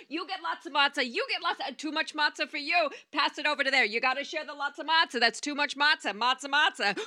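A brash, over-the-top female talk show host, played by a woman in comedic voiceover takes. Her voice sits high and sounds bright and forceful. It is recorded dry, with no room sound, and she piles on playful ad-libs. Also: dry recording. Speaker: voice actor.

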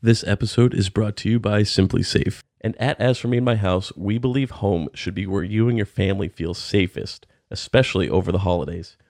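A man co-hosting a casual faith podcast, talking in a nasal, monotone, low-key way. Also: a little fast, vocal fry, few pauses, dry recording, studio quality. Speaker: podcast co-host.

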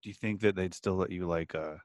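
A man's voice: low-pitched, fairly even intonation, fairly quick, no echo, clean studio sound. A man co-hosting a casual chat, rambling with restarts and hesitations. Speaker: podcast co-host.

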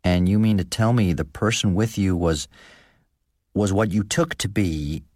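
A man's voice: low voice, measured pace, darkish tone, dry recording, studio quality. Man voicing a nervous, probing village deacon. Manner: careful, probing questions. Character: nervous, thin-voiced old village deacon. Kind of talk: audiobook character reading.

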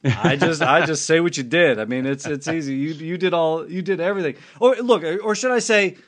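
A man's voice: a little high, fairly quick. A man hosting a podcast, reading a scripted intro and then chatting with a guest as an enthusiastic, eager fan. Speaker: podcast host. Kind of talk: scripted intro and casual interview.

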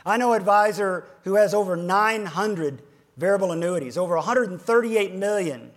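High-voiced man giving a dramatic keynote. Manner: dramatic, swings between loud emphasis and hushed near-whisper; slows down to stress key phrases. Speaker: keynote speaker to financial advisors. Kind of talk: motivational keynote speech.

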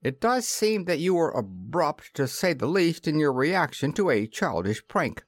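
A man's voice: on the high side, very animated, measured pace, no echo, clean studio sound, pitched above the performer's own voice. A man doing an oily, fawning hotel keeper. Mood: smooth, reproachful. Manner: unctuous, pleading.

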